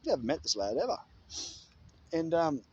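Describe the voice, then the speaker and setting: A man in casual motivational storytelling, animated and freely swearing. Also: on the high side, normal speed, husky, no echo, lo-fi sound.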